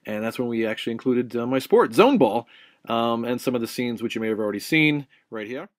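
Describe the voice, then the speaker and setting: Chatty New filmmaker, dry sound. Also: male voice, mid-range voice, lively intonation, brisk, dry recording. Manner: chatty, rambling, self-promoting. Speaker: host and filmmaker. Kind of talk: casual behind-the-scenes vlog.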